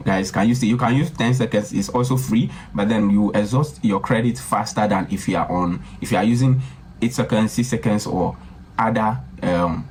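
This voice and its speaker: A man hosting a software tutorial, talking casually and repetitively and often calling viewers guys. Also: fairly low pitch, moderate pace, a little hiss or hum. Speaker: tutorial host. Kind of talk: screen-recorded software tutorial.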